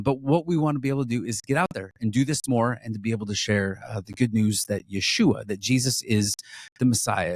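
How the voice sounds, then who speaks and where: A man co-leading a ministry, talking earnestly in a casual fundraising chat, full of restarts and fillers. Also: medium pitch. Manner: earnest, halting with many restarts. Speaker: ministry co-leader.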